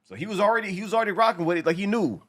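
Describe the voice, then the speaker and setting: A man co-hosting a casual show reaction, talking in a profane, animated way and acting out lines from the episode. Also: sits high, racing.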